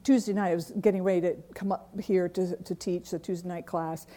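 A woman's voice: on the low side, steady tone, brisk, mellow. A woman teaching a weekly Bible class, speaking earnestly and repeating key phrases for emphasis. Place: church classroom.

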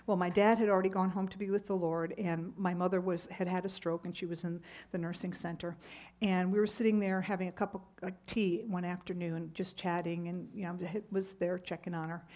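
A woman's voice: lowish voice, fairly even intonation, a little fast, a little mellow. A middle-aged woman teaching a Bible lesson, telling a personal story in a conversational way with fillers and asides.

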